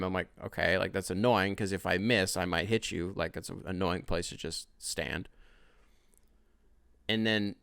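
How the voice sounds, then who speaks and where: A man's voice: mid-range voice, smooth, dry recording, studio quality. A man of twenty-five, the host, telling a long rambling story in a casual monologue, full of profanity. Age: 20s. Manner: profane, rambling, animated retelling. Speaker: podcast host.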